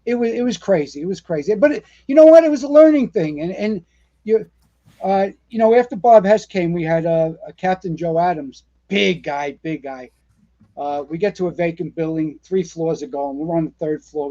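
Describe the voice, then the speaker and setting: A man, pitched noticeably high, spins rambling fire-station stories with plenty of fillers and restarts. The recording sounds dull and lo-fi. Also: a little fast. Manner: animated storyteller, rambling with many fillers and restarts. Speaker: retired fire captain guest. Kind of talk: casual storytelling interview.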